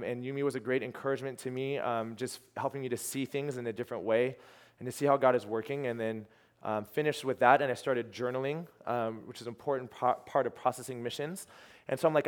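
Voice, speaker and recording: A man's voice: mid-range voice, fast. A young adult man, a ministry team leader, telling a testimony story with lots of quoted dialogue and restarts. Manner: animated storyteller, quoting others, trailing restarts.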